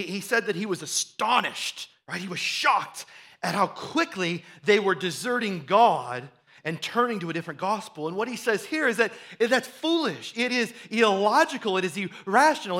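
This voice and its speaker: Male pastor, high and bright voice, conversational sermon delivery with restarts that builds to loud bursts. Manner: animated preaching that rises to loud, fired-up bursts; conversational, with frequent repeated words and restarts.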